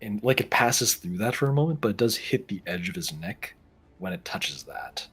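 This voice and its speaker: A man with a very deep, husky voice narrates as game master of a tabletop game. He describes scenes in detail and keeps the tone playful. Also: sing-song, normal speed, a bit bright.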